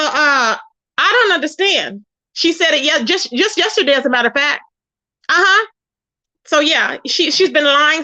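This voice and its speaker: A woman hosts a casual YouTube gossip commentary livestream, her high, bright voice carrying a forceful tone. She's sassy and emphatic, frequently mimicking other people in a raised voice. The audio has a dull, lo-fi quality.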